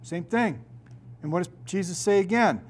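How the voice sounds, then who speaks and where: A man's voice: sits high, moderate pace. Middle-aged man preaching emphatically. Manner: emphatic, preaching with stretched-out stressed words. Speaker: pastor. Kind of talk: sermon.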